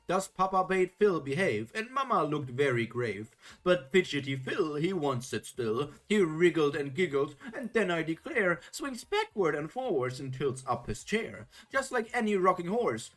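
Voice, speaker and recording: Brief: woman streamer, lively sing-song reading voice, playful asides, faint music underneath. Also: low voice, moderate pace, few pauses. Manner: playful, theatrical, jokey asides. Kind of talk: reading old children's rhymes aloud with comments.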